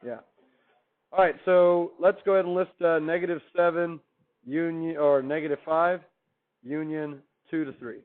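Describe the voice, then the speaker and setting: A man's voice: fairly high pitch, steady tone, normal speed. A man teaching a math class, chatty and upbeat, putting questions to the class and answering them himself. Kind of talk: classroom lecture. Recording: tinny, phone-like recording.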